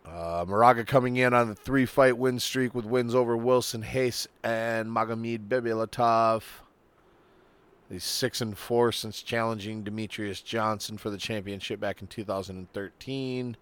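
A man co-hosting a casual fight-talk podcast, his voice going hoarse, loose and profane, stumbling over names. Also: lowish voice, steady tone, normal speed, fairly bright tone. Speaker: podcast co-host. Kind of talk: casual chat.

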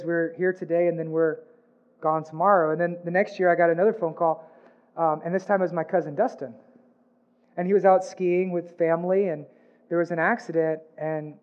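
A man preaching a sermon in an earnest way, rising on his questions and dropping soft and low on somber lines. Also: muffled recording. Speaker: pastor.

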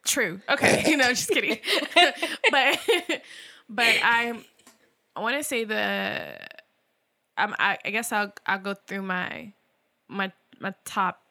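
A young woman co-hosting a podcast, talking in a playful, animated way with plenty of laughter. Her voice is bright and forward. She sits close to the mic in a dry, deadened room. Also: medium pitch, slow pace, vocal fry, dry recording. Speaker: podcast co-host. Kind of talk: casual chat.

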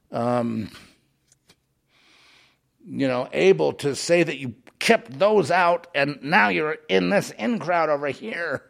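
A man rambling through a monologue, halting and repeating words, dropping to mutters and then rising into heated outbursts. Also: a little high, creaky, a bit bright.

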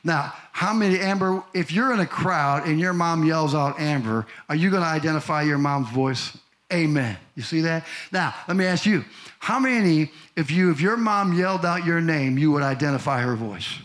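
Pastor guy preaching to his church, kinda high voice, gets loud and shouty. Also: moderate pace. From Missouri. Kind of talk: sermon. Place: church in front of a congregation.

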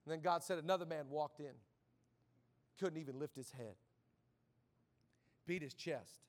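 Male pastor, high tenor, fervent live preaching, swings from hushed to shouting. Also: a little slow. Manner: impassioned, rising to shouted call-and-response.

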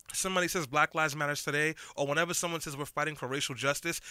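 A man's voice: a little high, bright, forceful tone, no echo. A man in his late twenties hosting a radio talk show, sardonic and rambling. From United States. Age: 20s. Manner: sarcastic, rambling. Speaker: radio host. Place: radio studio. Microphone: studio mic.

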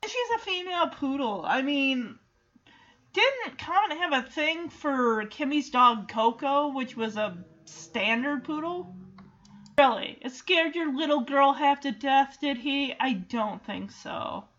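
A woman hosting a show, chatting through a sitcom episode in an animated, sarcastic way. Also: high-pitched, slow pace, muffled recording. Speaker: recap podcast host. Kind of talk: casual episode recap commentary.

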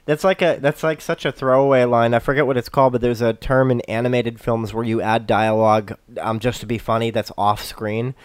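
A man co-hosting a casual film podcast, talking in an animated way with many fillers and restarts. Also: medium pitch, brisk, hardly any pauses, smooth, no echo. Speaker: podcast co-host.

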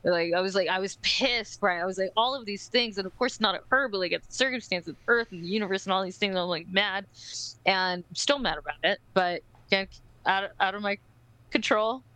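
A young woman with a bright, forceful voice who tells her story with animated energy and keeps checking in with "right?". She swears casually. The sound is dry and close, with no room around it. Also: mid-range voice, brisk, smooth, no echo, low-quality recording. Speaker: podcast co-host. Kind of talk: casual podcast chat.

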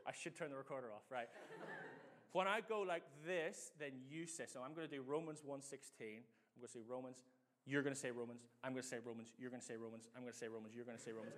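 A middle-aged man with a medium-pitched voice delivers a lively, chatty sermon. He shares personal stories and leads the audience in call-and-response.

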